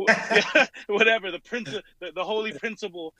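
A man's voice: high-pitched, moderate pace, sharp tone, poor audio. A laid-back man talking casually as a podcast guest, peppering his speech with "dude" and "man". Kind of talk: casual conversation.

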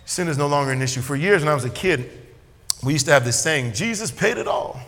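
A man preaching a sermon as a pastor, swinging between loud emphatic lines and quiet asides. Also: a little high, fast talker, big-room sound.

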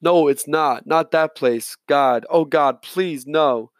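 A man voicing a young boy in an audiobook, a gentle, hopeful child who turns frightened and pleading. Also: a little high, slow, no room sound. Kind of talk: audiobook character voice.

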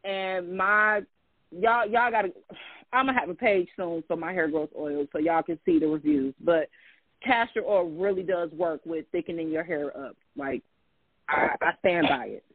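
High-voiced man on a tinny line. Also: moderate pace, slightly rough, no room sound. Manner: chatty, gives hair tips, often addresses listeners as "y'all". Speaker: podcast host. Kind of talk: casual podcast chat.

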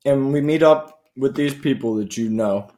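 A man's voice: medium pitch, moderate pace. A young man casually telling a story among friends, quoting what others said. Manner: animated storyteller, quotes friends.

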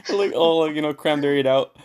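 A young man casually telling a funny story to friends, animated and laughing, acting out quoted lines. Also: a little high, moderate pace.

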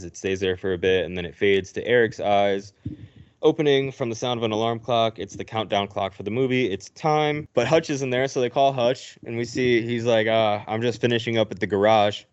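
Man giving a casual, animated movie recap. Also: fairly low pitch, clear, resonant tone. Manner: animated retelling, acting out characters' lines. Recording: dull lo-fi recording.

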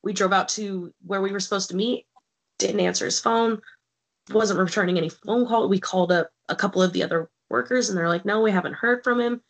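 A woman's voice: medium pitch, a little fast. A woman guest on a podcast telling a personal story in casual, candid talk, swearing freely. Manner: candid, swears freely, acts out quoted people.

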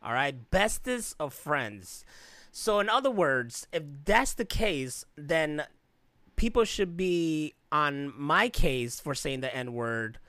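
A man's voice: a little high, animated, slow, pushed and bright, dry recording. A man from Chicago in casual podcast chat, rambling through a personal story and acting out the voices of people he quotes. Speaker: podcast co-host.

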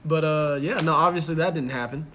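A man's voice: a little high, brisk, a bit bright, slight background noise. A man in his twenties co-hosting a podcast, rambling with lots of fillers and swearing freely. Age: 20s. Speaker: podcast co-host. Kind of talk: casual chat.

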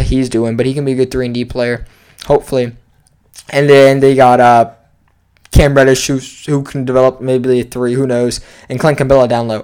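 A man's voice: mid-range voice, darkish tone, clear, resonant tone. A young man hosting a solo sports podcast, talking casually and rambling into asides as he breaks down trades. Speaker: podcast host.

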